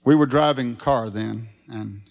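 A man preaching a revival sermon, folksy and storytelling, rising to shouted fervor. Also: mid-range voice, moderate pace, gravelly. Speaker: evangelist preacher.

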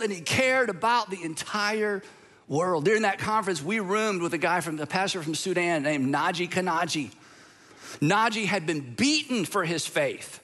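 A man's voice: sits high, lively intonation, moderate pace, sharp tone. An American man, middle-aged, preaching a sermon in a conversational storytelling way with humorous asides. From United States. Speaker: pastor.

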